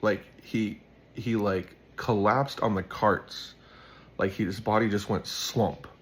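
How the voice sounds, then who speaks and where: A man's voice: fairly low pitch, steady tone, slow pace, a bit bright, slightly rough. A young man hosting a casual Bible devotional, telling stories in a rambling way full of "like" and fillers. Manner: rambling, filler-heavy storytelling with lots of "like".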